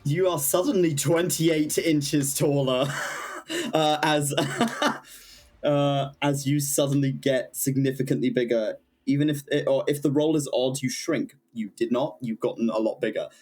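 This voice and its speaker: A man's voice: medium pitch, measured pace, a little mellow, soft background music. A man running a tabletop game as game master, describing the action and explaining rules in a chatty way and laughing often. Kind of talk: narrating a tabletop game over voice chat.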